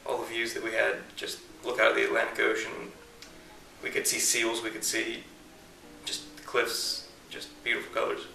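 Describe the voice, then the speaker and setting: A man's voice: mid-range voice, completely flat delivery, moderate pace, vocal fry, sharp tone, echoey room, far from the mic, slight background noise, poor audio. A man student talking simply and enthusiastically about the views on his trip.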